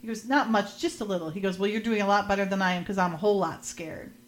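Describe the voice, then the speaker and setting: A woman with a mid-range voice and quick pace hosts a podcast, casually recapping a TV episode. She retells scenes and quotes the characters with a bit of acting, laughing often along the way.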